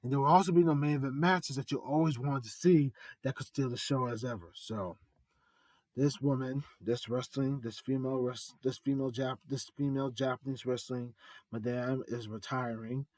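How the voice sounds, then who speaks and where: A man's voice: mid-range voice, darkish tone, no room sound. A man giving a rambling, earnest fan monologue, repeating himself and building up announcer-style reveals. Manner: earnest, heartfelt tribute. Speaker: art vlogger.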